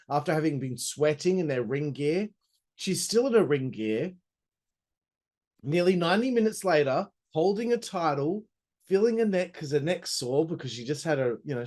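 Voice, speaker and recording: A man's voice: on the high side, a little mellow. A man hosting a casual wrestling review, rambling with crude jokes and asides. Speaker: host.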